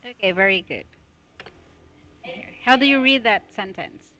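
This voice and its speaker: A woman tutoring English one-on-one, patiently and slowly correcting a student's pronunciation. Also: mid-range voice, pushed and bright. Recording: dull lo-fi audio.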